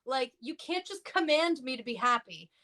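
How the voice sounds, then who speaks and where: Very animated yet at a moderate pace, a woman with a fairly bright tone chats as a clergy guest on a livestream discussion. Her stories come casually with many fillers, and she voices the people she quotes with jumps in pitch.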